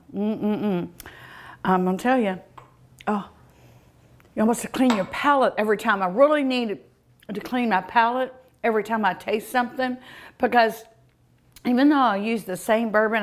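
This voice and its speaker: A woman hosting a cooking show, tasting food in casual commentary, savoring each bite with delighted hums and exclamations. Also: a little high.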